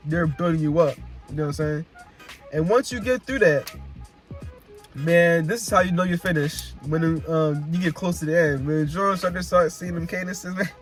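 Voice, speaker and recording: A young man talks to his viewers in loose, slangy speech, looping back over his points and laughing now and then. His voice sits a little high for a man. Faint music plays behind him. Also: moderate pace. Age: young adult. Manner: casual slangy storytelling, repeats himself, laughs often. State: emotional, close to tears. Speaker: vlogger recounting Marine boot camp. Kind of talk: casual chat.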